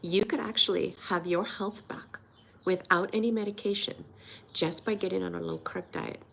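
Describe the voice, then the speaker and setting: A woman's voice: lowish voice, steady tone, normal speed, gravelly, fairly bright tone, a little hiss or hum. A woman in her sixties, a weight loss coach, talking earnestly and emotionally in a personal vlog, encouraging her viewers. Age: 60s.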